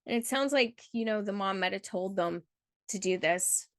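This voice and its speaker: A woman host reads a viewer's story aloud and then answers it in an earnest, heartfelt way, with casual fillers scattered through her talk. Her voice sits at an ordinary middle pitch for a woman. The sound is dry and close, with no room echo. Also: normal speed. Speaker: channel host.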